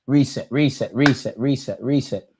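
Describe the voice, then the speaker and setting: A young man hosting a football watch-along, reacting live, shouting at players and the referee in heavy slang. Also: medium pitch, moderate pace, noisy background. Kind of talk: live match reaction commentary.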